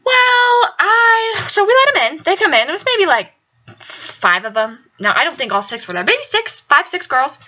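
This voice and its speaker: A young woman casually telling a story about her apartment, acting out the quotes with big swings in her voice. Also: normal speed. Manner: animated, acts out quotes with big pitch jumps. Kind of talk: casual anecdote. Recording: dull lo-fi audio.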